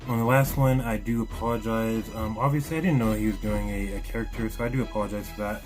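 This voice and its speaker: Man from the US, reaction host, lowish voice, music bed behind. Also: fast, a little mellow. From United States. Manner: hesitant, apologetic, many fillers. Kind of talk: casual reaction commentary.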